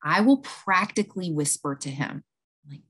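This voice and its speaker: A woman's voice: on the low side, normal speed. A woman in her thirties, a conversation coach, explaining earnestly in a podcast interview and acting out quoted lines.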